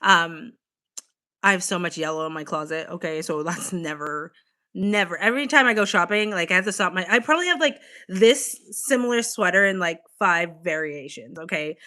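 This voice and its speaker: A woman's voice: on the low side, normal speed, pushed and bright. Young woman, casual livestream chat, laughs a lot, swears casually, chatty. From Boston, USA. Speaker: livestream host.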